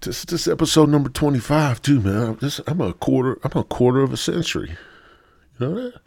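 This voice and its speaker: A man's voice: medium pitch, expressive, fairly quick, vocal fry, darkish tone, no room sound. A man hosting a solo podcast, rambling and swearing with a stoned, sore-throated manner. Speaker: podcast host. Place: home studio.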